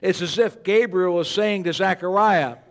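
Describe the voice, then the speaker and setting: An older man in his sixties preaches a Sunday sermon in a church sanctuary. His voice sits somewhat high for a man, and he speaks earnestly, sinking to soft, low asides before climbing to loud, emphatic peaks. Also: moderate pace. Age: 60s. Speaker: pastor.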